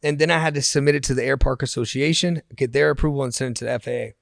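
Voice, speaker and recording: A man telling a story as a podcast guest, animated and sometimes stumbling over words, on a studio microphone. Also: mid-range voice, very fast, gravelly, dry recording. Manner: animated, repeats words while recalling. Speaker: interview guest, entrepreneur. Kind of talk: casual storytelling.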